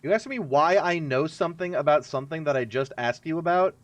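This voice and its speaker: A man's voice: a little high, fast, dry recording, dull audio. A man streaming a video game, giving casual, rambling, jokey and self-mocking commentary as he plays. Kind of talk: casual let's-play commentary.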